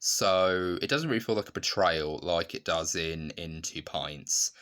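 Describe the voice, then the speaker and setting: Deep-voiced man reviewing a sitcom. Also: unhurried, a bit bright. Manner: chatty, with frequent fillers and restarts, laughing while retelling scenes. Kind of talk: casual spoken review.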